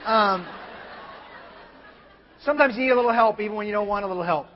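A pastor preaching a sermon, telling a story in an animated way and acting out other people's lines, sometimes building up to shouts. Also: male voice, extremely high pitch, quick pace, long pauses, a faint crowd. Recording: long hall reverb, dull lo-fi sound.

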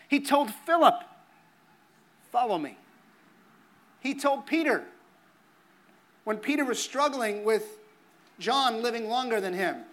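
Male pastor, very high and bright-toned, earnest conversational sermon delivery with emphatic repetition. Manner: earnest, conversational preaching with emphatic repeated phrases.

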